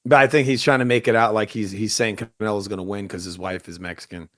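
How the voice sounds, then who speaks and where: A man co-hosting a casual boxing podcast, blunt and profane, with quick laughing asides. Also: lowish voice, fairly even intonation, fairly bright tone, dry recording, studio quality. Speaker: podcast co-host.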